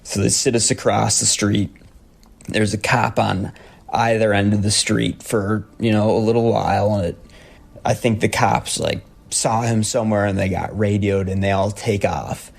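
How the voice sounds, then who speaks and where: Gravelly low young man telling a story. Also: flat delivery. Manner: halting, laughs nervously while recounting. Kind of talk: casual personal story.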